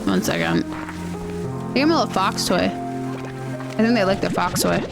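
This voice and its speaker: A woman's voice: lowish voice, wildly swooping pitch, normal speed, vocal fry, loud music behind the voice. A woman streaming a game in casual commentary, chatty and cursing freely, cooing baby talk at her pets. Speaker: gaming streamer.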